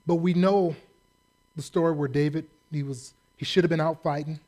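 Male pastor, slightly higher voice, casual joking sermon delivery. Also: moderate pace. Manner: folksy, animated storytelling with humor.

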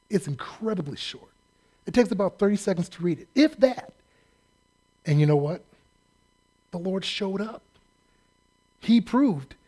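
A male preacher with a notably high voice delivers a sermon. He talks in a lively, animated way and acts out the quotes he tells.

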